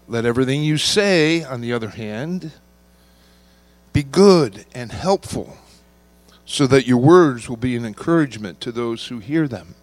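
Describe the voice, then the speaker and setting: Slow, measured preaching man. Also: mid-range voice, animated, no room sound. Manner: measured preaching, slowing to stress key words. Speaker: pastor. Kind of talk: sermon.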